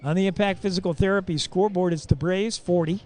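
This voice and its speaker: A man calling a high school girls basketball game live on local radio, with quick, excitable calls that jump into shouts on big plays and folksy asides to listeners. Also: slight background noise. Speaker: play-by-play announcer.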